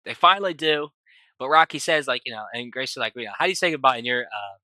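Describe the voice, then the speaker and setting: A man with a very bright, forward voice recaps a movie in loose, rambling casual talk, full of fillers and restarts. The sound is dry and close, with almost no room around it. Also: mid-range voice, expressive, quick pace, no echo. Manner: rambling, filler-heavy retelling with frequent restarts. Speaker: movie reviewer.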